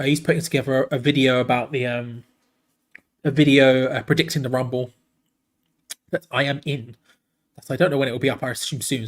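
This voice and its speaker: A man hosting a live football watch-along. He calls the play excitedly and breaks off to answer viewers in the chat. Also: medium pitch. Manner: excitable, chatty, jumps between play-by-play and reading comments. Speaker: watch-along host and commentator.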